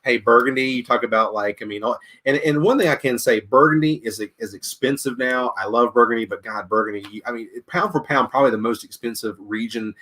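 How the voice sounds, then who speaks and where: A man's voice: medium pitch, brisk, few pauses, sharp tone. A man co-hosting a casual wine shop livestream, chatty and upbeat, often repeating his words.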